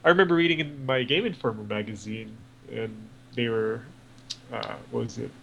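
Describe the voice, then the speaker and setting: Gravelly-voiced man in casual gaming chat. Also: medium pitch, normal speed, fairly bright tone, highs cut off. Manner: rambling, profane, lots of fillers. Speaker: podcast co-host.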